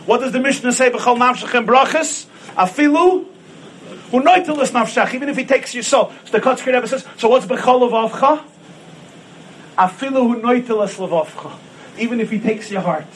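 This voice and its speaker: Male rabbi, high-pitched, fervent sermon delivery with a faint hiss behind. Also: rough recording. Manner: impassioned, rising to shouts on key points. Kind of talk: sermon with storytelling.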